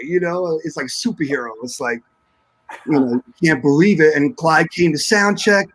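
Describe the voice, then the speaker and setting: Casting: heartfelt guest drummer, rambling with fillers, voice a bit high. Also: male voice, moderate pace, a bit bright, low-quality recording. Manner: emotional, searching for words, many fillers. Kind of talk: casual panel chat.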